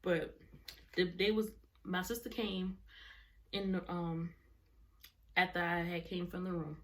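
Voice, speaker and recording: A woman's voice: on the low side, flat delivery, measured pace, fairly bright tone. A young adult woman vlogger telling a personal story in casual, rambling talk, often correcting herself mid-sentence. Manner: rambling, self-correcting, colloquial.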